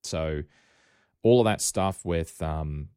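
A man's voice: extremely low pitch, takes it slowly, warm tone, clear, resonant tone, no room sound, clean studio sound. A man with an Australian accent hosting a casual tech podcast, rambling and wry, often correcting himself mid-sentence. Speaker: podcast host.

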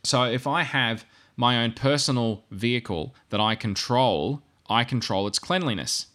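Guy rambling on a podcast, catches himself and corrects, punchy bright voice. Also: mid-range voice, measured pace. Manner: rambling and self-correcting, with asides. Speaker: podcast co-host. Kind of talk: casual podcast discussion.

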